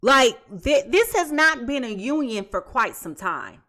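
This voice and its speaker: A woman's voice: high voice, big pitch swings, measured pace. A woman giving a casual tarot reading to viewers, emphatic and chatty, stacking repeated phrases and restarting often. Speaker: tarot reader.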